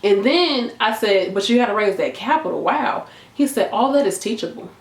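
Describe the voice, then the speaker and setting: A woman nurse giving an animated, emphatic motivational talk to camera, chatty and repeating her points. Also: medium pitch, normal speed. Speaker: nurse and video creator. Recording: echoey room.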